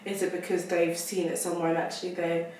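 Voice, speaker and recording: A woman's voice: fairly low pitch, level tone, quick pace, darkish tone, a little hiss or hum. A woman, talking as a guest doctor and explaining things in steps with fillers. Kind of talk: casual conversation. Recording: roomy echo, distant mic.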